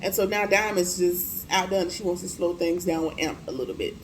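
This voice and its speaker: A woman's voice: lowish voice, steady tone, brisk, slight background noise, poor audio. Chatty, blunt woman recapping a show. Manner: chatty, slangy and blunt, with frequent profanity and asides. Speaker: TV episode reviewer. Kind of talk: casual recap and commentary.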